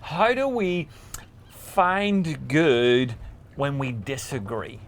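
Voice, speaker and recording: A man with an Irish accent, hosting a casual interview outdoors on a boat at sea, animated and jokey. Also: mid-range voice, very slow, slight background noise. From Ireland. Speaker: host.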